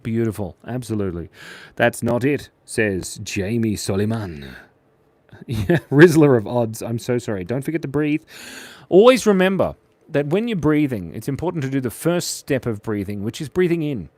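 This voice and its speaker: An Australian man hosts a drawing live stream, cracking silly puns as he chats along. His pitch jumps all over the place, and the sound is close and dry. His voice sits in the middle range for a man. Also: animated, normal speed, darkish tone, dry recording. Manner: jokey, punning. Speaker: drawing channel host.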